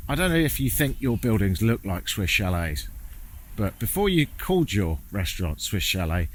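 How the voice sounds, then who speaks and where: A man's voice: on the low side, big pitch swings, moderate pace, slight background noise. A man making a casual travel vlog while walking outdoors, sardonic and self-mocking, swearing freely. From England. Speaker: travel vlogger. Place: outdoors, walking through a town.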